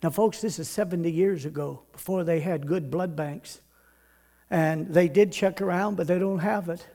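Older man, preacher, sermon, very high voice, emphatic repetition. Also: normal speed. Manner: builds to loud emphatic repetition, then drops to quiet storytelling. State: out of breath.

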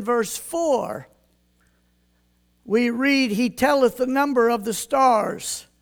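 High-voiced older man preaching slowly. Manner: folksy, self-deprecating, reads scripture in King James cadence. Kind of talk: folksy sermon with scripture reading.

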